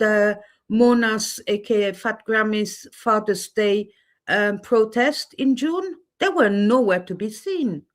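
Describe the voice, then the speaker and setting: A woman's voice: fairly high pitch, a little slow. A woman hosting her own channel in a candid livestream monologue, speaking bluntly and getting heated and indignant about what she sees. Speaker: channel host.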